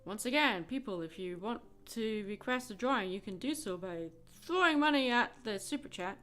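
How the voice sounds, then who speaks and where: A Scottish woman chatting frankly with soft laughs while drawing on a livestream. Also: on the high side, animated, moderate pace, soft background music. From Scotland. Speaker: livestreaming artist.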